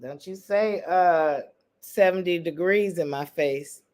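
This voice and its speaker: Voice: mid-range voice, takes it slowly, a little mellow. A livestream host chatting casually with viewers, greeting them by name and teasing them in playful slang. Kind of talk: casual live chat with viewers.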